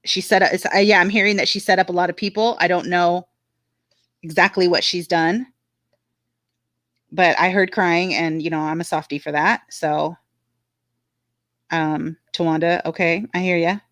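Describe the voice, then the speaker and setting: A woman's voice: lowish voice, fairly even intonation, moderate pace, long pauses, fairly bright tone, no room sound, studio quality. A woman casually chatting on a livestream, frank and talkative, reading viewer comments aloud. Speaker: livestream co-host reading chat.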